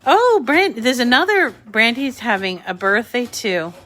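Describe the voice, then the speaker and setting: A woman's voice: fairly high pitch, expressive, unhurried, fairly bright tone, slight background noise. A woman with a New England accent, hosting a live craft tutorial, chatting with viewers and reading out their comments. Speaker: crafting channel host.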